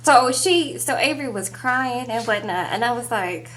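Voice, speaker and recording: A woman's voice: a little high, moderate pace, slight background noise. A young woman recapping reality TV in a casual, sassy, gossipy way, peppering her talk with "like" and "okay". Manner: animated, sassy, heavy use of "like" and "okay".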